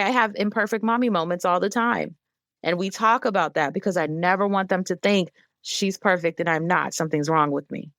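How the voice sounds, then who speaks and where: A woman in her thirties, a guest on an interview show, speaking candidly and earnestly, growing animated when she quotes other people. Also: mid-range voice, no echo, clean studio sound. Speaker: guest, emotional wellness advocate.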